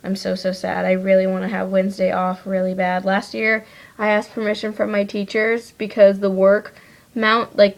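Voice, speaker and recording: A teenage girl chatting casually to her webcam while wiping off her makeup, rambling with lots of likes and ums. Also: mid-range voice. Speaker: vlogger. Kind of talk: casual chat to camera.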